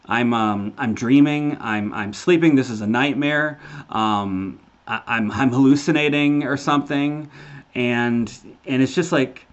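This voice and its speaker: A man tells a personal religious testimony in an earnest, halting way, restarting and repeating words as he goes. His voice sits at an ordinary middle pitch for a man. The recording sounds a little dull and lo-fi. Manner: earnest, addresses listeners as brothers and sisters. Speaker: testimony speaker. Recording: slightly dull lo-fi audio.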